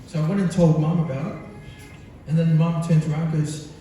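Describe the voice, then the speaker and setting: A man gives a speech to his mother, wandering through a funny story with plenty of ums. His voice sits a little high and sounds mellow. The recording catches him from a distance in a big hall that rings with echo. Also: little pitch movement, a little fast, faint music behind. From New Zealand. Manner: rambling, humorous storytelling with many fillers. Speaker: son giving a birthday speech. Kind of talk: speech to a gathering. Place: large function hall. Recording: echoey hall, captured from far off.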